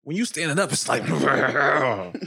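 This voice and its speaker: A man's voice: mid-range voice, unhurried, creaky, slightly rough. A man co-hosting a podcast, talking bluntly and casually, often laughing. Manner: animated, laughing, blunt opinions. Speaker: podcast co-host. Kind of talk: casual crude chat.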